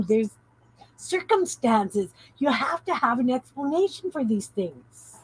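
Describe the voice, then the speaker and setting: A woman's voice: fairly high pitch, sing-song, slow, a little hiss or hum, low-quality recording. A woman hosting a casual crafting live stream, tired, rambling and giggling as she chats with viewers.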